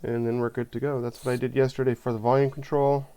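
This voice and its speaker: A man's voice: mid-range voice, little pitch movement, fast, dark tone, slight background noise. A man casually talking through a hands-on electronics repair, thinking aloud as he works at his bench. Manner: chatty, thinks aloud while working. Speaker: repair video host.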